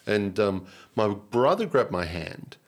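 A man with an Australian accent telling an emotional personal story as an interview guest, earnest and animated, often repeating and restarting his words. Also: on the low side, slow pace.

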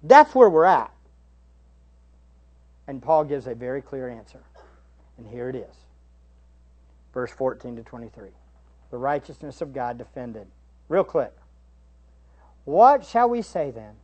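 A man preaching a sermon as pastor, shifting between hushed asides and raised, emphatic questions to the congregation. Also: on the high side, lively intonation, measured pace, pauses often, muffled recording. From United States. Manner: rhetorical tag questions to the congregation.

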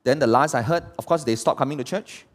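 A man's voice: medium pitch, fast talker. A man, preaching a sermon as pastor and throwing rhetorical questions at the congregation. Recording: long hall reverb.

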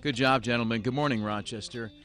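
A man's voice: mid-range voice, fairly quick, over music. A man hosting a talk radio show, delivering a sarcastic, rambling monologue with plenty of filler words into a studio mic. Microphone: studio mic with headphones.

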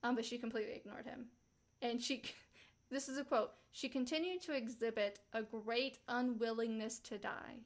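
A woman with a slightly high voice retells a true-crime story in a relaxed, chatty podcast style. She drifts between narration and quick acted-out quotes, with asides to her co-host. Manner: chatty, acts out quotes with rising pitch.

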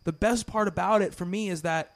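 A man's voice: high-pitched, fairly quick. A man hosting a podcast in casual chat, rambling with many restarts and fillers. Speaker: podcast host.

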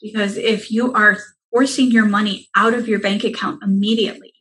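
Guest coach, woman, mid-pitched, earnest and reassuring, steady advice-giving. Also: fairly quick, low-quality recording. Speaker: money mindset coach, guest.

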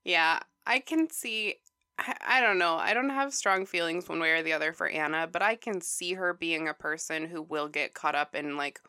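Bright, creaky-voiced woman chatting. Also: lowish voice, moderate pace, no echo, studio quality. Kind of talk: casual podcast chat.

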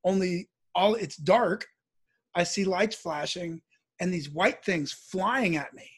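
A man from the US Midwest telling a personal story in casual speech, animated and acting out the voices as he goes. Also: high voice, takes it slowly, breathy edge.

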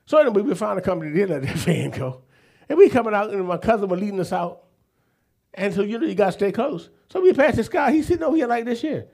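A man, preaching a sermon and telling stories in an animated, folksy, emphatic way. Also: very high-pitched, creaky. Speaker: apostle preaching.

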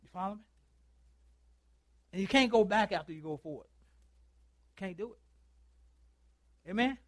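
A male pastor preaching a sermon, telling a story and acting out both sides of a phone call, calling for responses from his congregation and swinging from loud to hushed. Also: sits high, animated, fast. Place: church.

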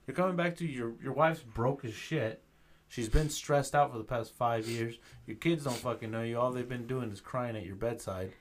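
A man chatting on a casual podcast. He tells stories with crude, animated energy and acts out what people said, in an ordinary mid-range voice. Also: mid-range voice, normal speed, slight background noise. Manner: profane, animated storyteller acting out quotes. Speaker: podcast co-host. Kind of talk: casual chat.

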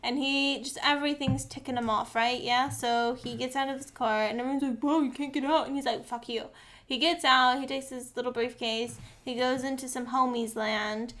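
A woman co-hosting a casual movie podcast, recapping the plot in an animated way and acting out the characters' lines. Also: high-pitched, normal speed, hardly any pauses. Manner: animated storyteller, acts out quotes. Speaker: podcast co-host.

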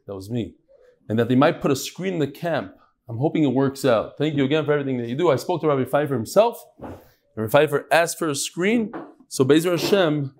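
A man with a slightly raised pitch, leading a religious study class before a live group. He reads listener notes aloud and comments on them in a loose, chatty way, mixing in Yiddish and Hebrew words. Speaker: Talmud class teacher reading listener messages. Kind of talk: casual talk to a live class.

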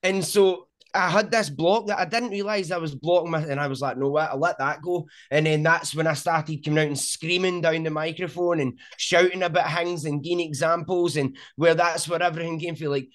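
A middle-aged man with a broad Scottish accent talks in a relaxed interview. He tells stories with lots of energy and keeps checking in with "do you know what I mean." His voice sits a little higher than most men's. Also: a little fast, few pauses. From Scotland. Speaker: sumo content creator. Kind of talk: casual interview chat.

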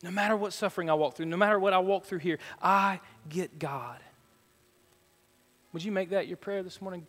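A fairly high-voiced man preaching in a church sanctuary. He speaks earnestly and builds to fervent, pleading prayer. His voice rings with a long hall reverb. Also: moderate pace, fairly bright tone. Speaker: pastor. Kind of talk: sermon.

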